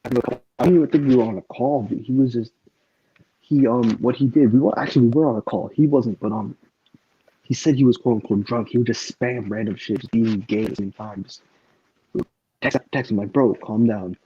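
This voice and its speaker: Rambling and profane, a male podcast host talks casually, stacking up fillers. He speaks fairly quickly at medium pitch with fairly even intonation and a slightly rough voice, recorded in dull lo-fi.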